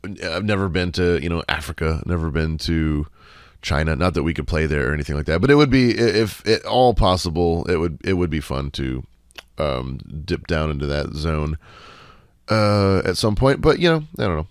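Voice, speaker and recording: A man's voice: low voice, animated, normal speed, smooth, no echo, studio quality. A man hosting a casual Q&A podcast, laid-back and wry, rambling with fillers, sarcastic asides and casual swearing. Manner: rambling, with many fillers and restarts. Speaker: podcast host.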